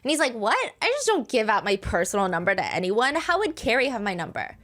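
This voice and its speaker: A woman's voice: on the high side, big pitch swings, fast, a bit bright. Chatty woman recapping a court case. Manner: chatty, conversational, reads out text messages. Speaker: host explaining a court case. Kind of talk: casual storytelling commentary.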